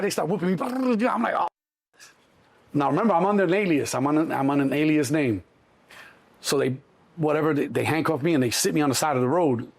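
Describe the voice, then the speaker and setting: Chicago guy, husky voice, kinda high, animated storytelling with lots of cussing. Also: quick pace. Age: middle-aged. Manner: animated, acts out voices, swears freely. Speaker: interview guest. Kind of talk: casual storytelling.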